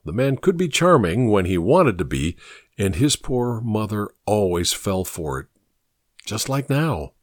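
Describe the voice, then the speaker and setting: Expressive male audiobook narrator. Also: fairly low pitch, measured pace, no echo, studio quality. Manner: expressive, lively storytelling.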